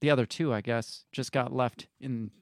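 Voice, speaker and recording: This co-host of a live-streamed talk show has a creaky, medium-pitched voice with fairly even intonation and a normal speed. The recording is clean studio sound with no room noise, as he reads news aloud, adds blunt commentary, and often laughs and swears.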